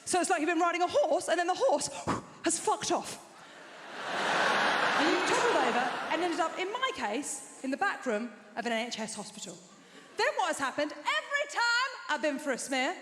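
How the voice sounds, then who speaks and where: A woman's voice: sits high, fairly bright tone, roomy sound, in a large hall. A British woman performing a stand-up comedy set, telling a story in a punchy way and acting out the dialogue. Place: live comedy venue with audience laughter.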